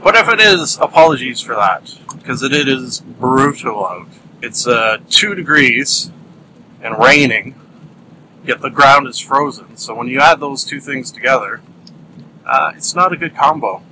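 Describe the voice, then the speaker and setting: A man's voice: medium pitch, animated, unhurried, sharp tone, slight background noise, poor audio. A man hosts his podcast from a car while driving. He talks in a playful, rambling way, stretches words out for comic emphasis, and uses many fillers. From Ontario, Canada. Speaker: podcast host. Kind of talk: casual solo podcast monologue.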